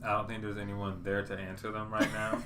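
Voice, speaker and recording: A woman's voice: a bass voice, little pitch movement, brisk. A woman co-hosting a casual podcast, dropping dry, teasing asides. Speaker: podcast co-host. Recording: noisy background hiss.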